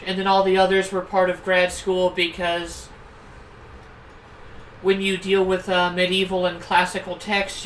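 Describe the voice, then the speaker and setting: A woman's voice: on the low side, fairly bright tone, a little hiss or hum. Chatty German-native woman, distant roomy mic. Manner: chatty, rambling asides. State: sore throat from a cold. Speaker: streamer playing a game. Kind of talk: casual stream commentary.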